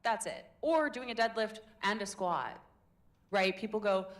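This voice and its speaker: A woman's voice: medium pitch, expressive, a little slow. A woman leading a live public speaking workshop in a chatty, demonstrative, encouraging way. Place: meetup room in a tech hub.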